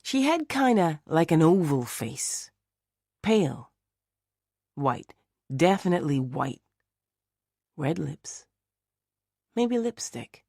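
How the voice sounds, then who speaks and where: A man's voice: fairly high pitch, sing-song, slow pace, creaky, pauses often, a little mellow, no echo, studio quality, pitched above the performer's own voice, full character voice. A man voicing a blunt, coarse-spoken woman describing a stranger. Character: blunt young woman, Christy.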